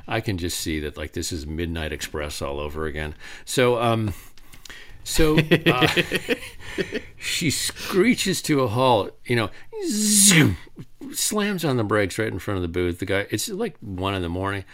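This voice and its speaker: A middle-aged man with a fairly low voice, spinning a long, rambling story for a live audience. He starts and restarts his sentences, leans on fillers, and livens up as he retells the scenes. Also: sing-song, measured pace, fairly bright tone. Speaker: author giving a talk.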